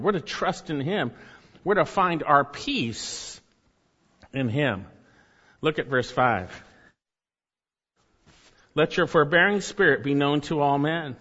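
A man's voice: a little high, fairly bright tone. A man preaching a sermon as a pastor, emphatic, with many repeated phrases. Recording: muffled sound with long hall reverb.

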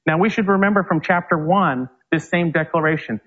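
Slightly high-voiced preacher, lo-fi radio sound. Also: male voice, a bit bright, slightly rough. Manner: slow, emphatic verse reading. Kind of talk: sermon.

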